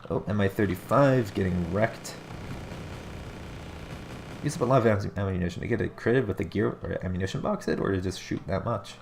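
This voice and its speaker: A deep, gravelly male voice with a stuffed-up, nasal sound from allergies. He does relaxed play-by-play at a desk mic, thinking out loud and fixing his words as he goes. A faint hiss of noise sits under him. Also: fairly quick. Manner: casual, musing, corrects himself mid-sentence. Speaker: game caster. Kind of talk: live play-by-play commentary on a strategy game replay.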